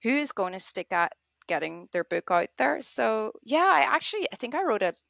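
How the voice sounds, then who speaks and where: A woman, an author chatting in an interview, animated and quick to act out little quoted scenes. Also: a little high, vocal fry, no room sound, studio quality. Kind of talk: casual interview chat.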